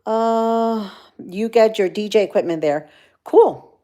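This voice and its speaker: A woman's voice: medium pitch, takes it slowly, dark tone. A woman chatting casually on a livestream, reading viewers' comments aloud and answering them. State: chilled from the cold. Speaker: livestream vlogger.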